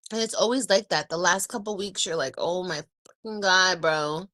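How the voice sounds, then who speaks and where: A tired woman in her thirties chats to her livestream viewers, sighing often and dragging her words out slowly. The recording is close and dry, with no room sound. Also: medium pitch, fairly bright tone, no echo. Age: 30s. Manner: weary, sighing, drawn-out talk. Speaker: livestreaming vlogger. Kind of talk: casual livestream chat.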